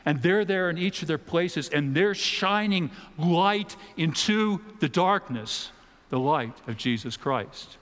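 A man preaching a sermon in a church auditorium, talking in a conversational way with dramatic pauses and the odd mock voice. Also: a little high, lively intonation, fairly bright tone, in a large hall. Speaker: pastor.

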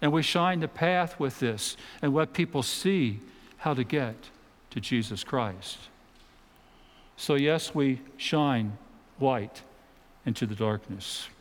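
A man preaching a sermon in a church auditorium, talking in a conversational way with dramatic pauses and the odd mock voice. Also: mid-range voice, long reverb tail. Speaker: pastor.

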